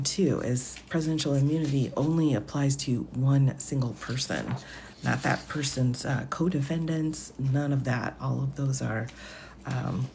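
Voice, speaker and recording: A woman legal commentator talking softly, half-whispering in an ASMR-style voice at home at night during a live stream. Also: very deep voice, a little hiss or hum. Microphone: phone.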